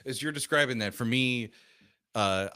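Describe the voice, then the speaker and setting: A man hosting a podcast interview, thoughtful and reflective, quick to laugh. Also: medium pitch, sharp tone, no room sound, studio quality. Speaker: podcast host.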